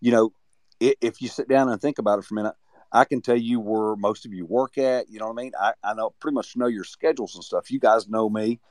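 Man with a lowish voice for a pep talk, rallying and earnest, dry close recording. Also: fairly even intonation, fast talker, darkish tone, no room sound. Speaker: community member. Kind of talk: motivational speech.

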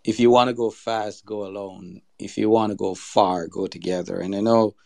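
Encouraging man with a low voice. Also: steady tone, moderate pace, vocal fry, a little mellow, no room sound. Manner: encouraging, joking. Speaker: community member. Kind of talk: casual encouragement.

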